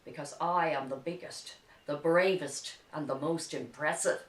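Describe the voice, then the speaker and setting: A woman's voice: sits low, measured pace, roomy sound, distant mic, pitched below the performer's own voice, poor audio. A boastful eagle, as an Irish woman tells it. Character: proud male eagle boasting.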